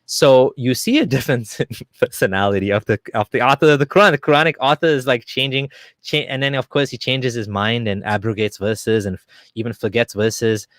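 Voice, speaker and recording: A man giving a casual, argumentative monologue to camera, animated and full of fillers and restarts. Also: mid-range voice, fairly quick, dry recording. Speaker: video creator.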